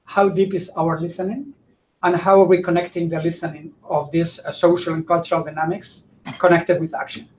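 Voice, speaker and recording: Halting man presenting at a conference. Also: high-pitched, a little mellow, slight background noise, poor audio. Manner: halting, searching for words mid-sentence.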